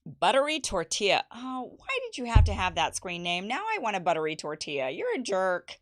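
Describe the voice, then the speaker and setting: Hosting a casual birthday livestream, a young woman speaks fairly quickly in a mid-range voice with big swings in pitch. Between updates about her life, she reads out messages from viewers, teasing and laughing as she goes.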